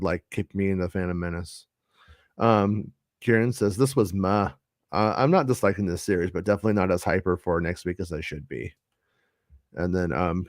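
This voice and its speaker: Man, very deep voice, dry close sound, hesitant casual host. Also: darkish tone, dry recording. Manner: hesitant, many restarts and fillers. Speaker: podcast host. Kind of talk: casual chat.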